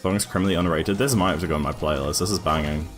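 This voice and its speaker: British guy streaming a speedrun, low voice, chatty and apologetic, faint music behind. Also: very fast. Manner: chatty, apologetic, reads chat aloud. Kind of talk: casual live-stream chat.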